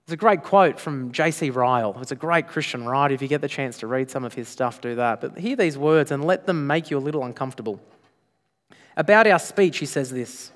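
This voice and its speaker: A man's voice: mid-range voice, a little fast, fairly bright tone. A man preaching a sermon as pastor, emphatic, with frequent rhetorical questions. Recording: long reverb of a large hall.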